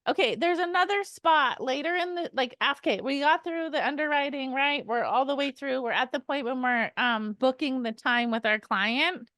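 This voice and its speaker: High-voiced energetic woman sales coach. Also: moderate pace, hardly any pauses, no room sound. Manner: energetic, emphatic, acts out call lines. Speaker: sales trainer.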